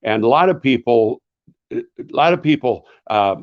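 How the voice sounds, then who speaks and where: Fielding questions at a live author event, an older former pastor turned author speaks earnestly and thoughtfully, pausing often as he hunts for words. His medium-pitched voice is animated, though the audio is dull.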